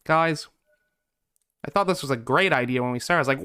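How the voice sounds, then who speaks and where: A man's voice: on the high side, fairly quick, a bit bright, smooth. A young man giving gameplay commentary, exasperated and swinging between hope and letdown. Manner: exasperated, swings from hopeful to deflated. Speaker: gaming YouTuber.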